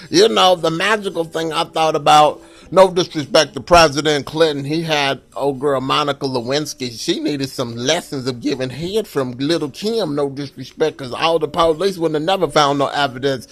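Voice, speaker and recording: Bright-voiced man doing stand-up. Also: normal speed. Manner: breaks into shrill falsetto wailing for panicked bits; loose, rambling storytelling with frequent "you know". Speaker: stand-up comedian. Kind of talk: stand-up comedy set.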